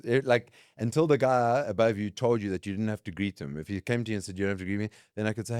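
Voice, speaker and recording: A South African man in his late thirties, speaking South African English, joins a podcast as a guest with a fairly low, clear, resonant voice. He talks fast with few pauses on a dry, clean studio recording, laughing often as he shares lively school anecdotes in casual chat.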